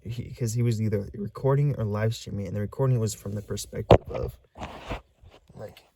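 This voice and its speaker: A man telling a creepy story in a casual vlog, rambling and halting with lots of fillers as he hunts for words. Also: fairly low pitch, fairly even intonation, creaky, heavy background noise. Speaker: vlogger.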